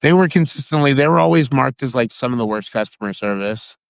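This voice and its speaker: Rambling, excitable man, smooth voice. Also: medium pitch, quick pace, no room sound. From Sacramento, California. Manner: rambling, excitable storyteller with many restarts. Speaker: guest. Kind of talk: casual chat.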